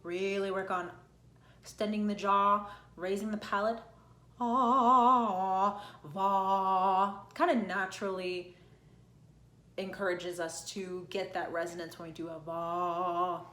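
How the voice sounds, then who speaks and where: A woman's voice: on the low side, flat delivery, unhurried, fairly bright tone. Echoey-voiced woman singing coach. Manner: explains plainly, checks in with frequent "okay?", sings demonstration notes. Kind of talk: online singing lesson.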